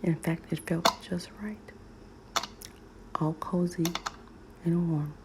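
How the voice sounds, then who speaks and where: A woman reading a children's story in soft ASMR whispers, over loud nail tapping clicks. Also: on the low side, fairly even intonation, very noisy. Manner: soft, slow, soothing reading.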